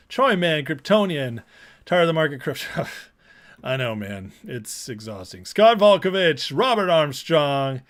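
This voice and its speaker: A man hosting a casual livestream, greeting viewers by name and talking through the news with energetic asides. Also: a little high. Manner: energetic, shouting out chat names, rapid asides. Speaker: political commentary livestream host.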